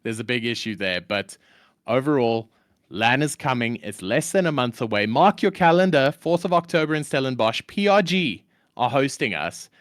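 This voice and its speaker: A man hosts a live stream with an enthusiastic, self-mocking manner. His pitch swings widely as he talks, and the sound is close and dry, with no room echo. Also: expressive, moderate pace. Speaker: stream host.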